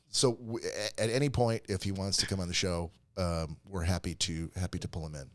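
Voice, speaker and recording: A man's voice: low voice, steady tone, fairly quick, few pauses, no echo, studio quality. A man co-hosting a casual comedy podcast, rambling and joking and laughing often. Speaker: podcast co-host.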